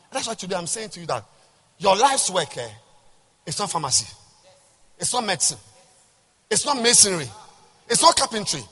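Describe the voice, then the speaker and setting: A man, a bishop, preaching a sermon to a large congregation, emphatic and rhetorical, swinging from quiet asides to shouts. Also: high-pitched, very animated, moderate pace, long pauses, breathy edge. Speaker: bishop and pastor. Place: large church hall. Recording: reverberant church hall.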